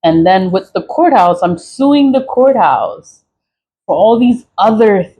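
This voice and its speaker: A woman's voice: medium pitch, animated, slow, breathy edge, lo-fi sound. A woman venting in a casual, profane monologue, repeating herself and laughing between lines. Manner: angry, profane, repetitive venting. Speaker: vlogger.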